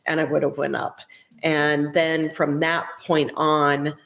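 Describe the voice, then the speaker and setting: Woman guest on a podcast, low-pitched, chatty clinician who tells stories and restarts her sentences. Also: little pitch movement, slow pace, creaky, fairly bright tone. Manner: recounts events with quoted dialogue and restarts. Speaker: neonatal nurse practitioner, podcast guest. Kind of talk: conversational interview storytelling.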